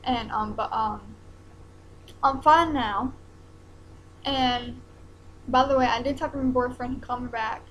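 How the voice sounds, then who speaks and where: Young gal vlogging, high voice, slow hesitant talk, choking up a bit. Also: female voice, fairly even intonation, fairly bright tone, highs cut off, a little hiss or hum. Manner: hesitant, halting, many ums and restarts. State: close to tears. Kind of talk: emotional personal vlog.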